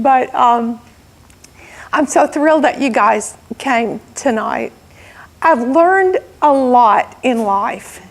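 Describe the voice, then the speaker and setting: A woman in her late sixties speaks in a high voice with a broad Alabama accent. She talks slowly and folksily, teasing herself as she tells her story to a room of listeners. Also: lively intonation. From South Alabama. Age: 60s. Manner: slow, folksy, self-teasing. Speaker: guest speaker. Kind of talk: motivational talk. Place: meeting room.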